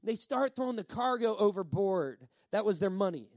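High-voiced emphatic male preacher. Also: lively intonation, moderate pace, a little mellow, no room sound. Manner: emphatic, repeats lines for effect, stretches key words. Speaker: pastor. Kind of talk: sermon.

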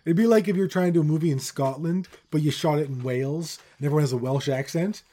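A middle-aged man from with its holds forth in loose podcast chat. His voice is dark and mellow, and he rants bluntly, swearing freely as he goes. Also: a little high, fast talker. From Newfoundland, Canada. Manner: blunt, profane ranting. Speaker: podcast co-host. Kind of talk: casual chat.

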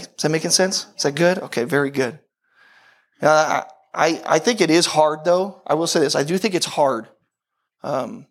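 A man preaching a sermon to a congregation in a conversational way, often repeating phrases for emphasis. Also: a little high. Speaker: pastor.

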